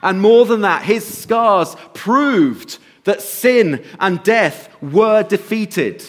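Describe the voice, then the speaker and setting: A man giving a sermon and telling a personal story, slowing to soft emphasis at times and lifting his voice at others. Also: high voice, lively intonation. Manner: storytelling, shifts between soft slow emphasis and raised bursts. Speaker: pastor.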